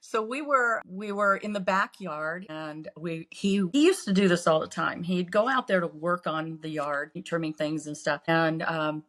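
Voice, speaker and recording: Lower-voiced woman telling a painful story. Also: a little slow, hardly any pauses, a bit bright. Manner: earnest, re-lives painful memories, acts out quotes. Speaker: podcast co-host. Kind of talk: casual storytelling.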